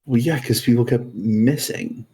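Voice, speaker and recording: A man co-hosting a casual gaming podcast, relaxed and joking, a little sleepy and yawning as he acts out other players. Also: medium pitch, a little slow, breathy edge. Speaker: podcast co-host.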